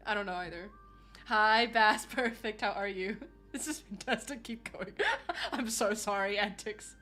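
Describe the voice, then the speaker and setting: A woman's voice: medium pitch, normal speed, fairly bright tone, soft background music. A young woman streaming, chatting casually and reading chat aloud, saying "like" a lot and laughing often.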